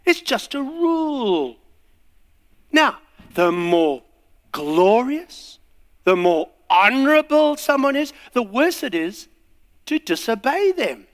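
A man's voice: very high voice, big pitch swings, slow pace, long pauses. A man preaching a sermon, acting out little scenes and voices as he goes. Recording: long hall reverb.

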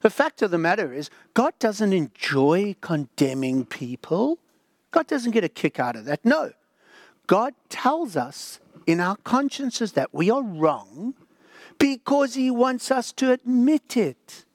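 Dramatic, high, animated older preacher. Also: male voice, slow pace, dry recording, clean studio sound. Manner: dramatic, drops to a whisper for the inner voice. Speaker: pastor. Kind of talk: sermon.

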